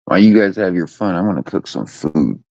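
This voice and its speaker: A man's voice: low voice, big pitch swings, fairly quick, vocal fry, darkish tone. A man hosting a casual livestream, rambling and swearing, teasing his chat in a lazy sing-song. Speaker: livestream host. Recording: dull lo-fi stream audio.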